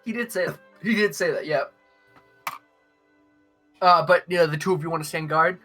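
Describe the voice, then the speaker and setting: Bright-voiced young game master. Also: male voice, on the high side, moderate pace, soft background music. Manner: hesitant, many fillers and restarts. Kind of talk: narrating a tabletop game.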